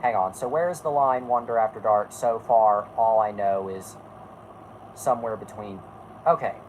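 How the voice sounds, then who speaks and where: A woman's voice: very deep voice, moderate pace, a little mellow, a little hiss or hum, rough recording. A woman hosting a casual podcast, talking bluntly and rambling, stopping to correct herself and swearing freely. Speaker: podcast host. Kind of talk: casual chat.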